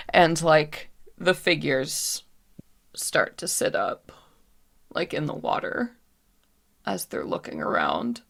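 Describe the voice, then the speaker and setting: A woman running a tabletop role-playing game, describing scenes vividly and casually. Her voice is low and gravelly, and she narrates at an unhurried pace. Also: big pitch swings, a bit bright. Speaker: game master.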